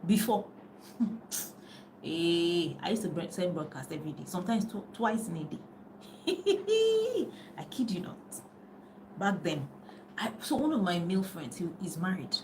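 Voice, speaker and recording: Lower-voiced woman coach talking chattily on a live stream. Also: sing-song, unhurried, long pauses, a little mellow, slight background noise, low-quality recording. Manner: chatty, loses her thread, laughs often. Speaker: life and business coach. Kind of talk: casual live-stream talk. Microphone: phone on a live video.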